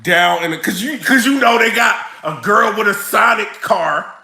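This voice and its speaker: Vlogger man, high bright voice, animated rant with laughs, echoey room. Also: moderate pace, gravelly. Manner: animated, laughing, street slang. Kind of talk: casual rant to camera.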